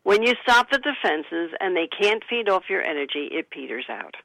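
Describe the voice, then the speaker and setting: Woman guest on talk radio giving calm advice, gravelly voice, dry close sound. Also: lowish voice, normal speed, dry recording, poor audio. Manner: calm, counseling, gives sample phrases to say. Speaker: psychic author, guest.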